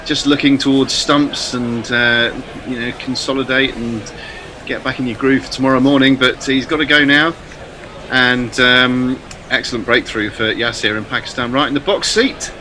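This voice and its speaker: Bright-toned male cricket commentator. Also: mid-range voice, normal speed, a little hiss or hum, poor audio. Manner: lively calls of the play, then relaxed chat. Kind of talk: live sports commentary.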